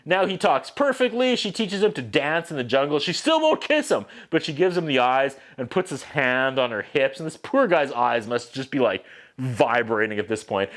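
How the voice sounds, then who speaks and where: Male reviewer, fairly high voice, lively sarcastic recap delivery. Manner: sarcastic, animated, puts on voices for quotes. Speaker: movie reviewer. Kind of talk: sarcastic comedic movie recap.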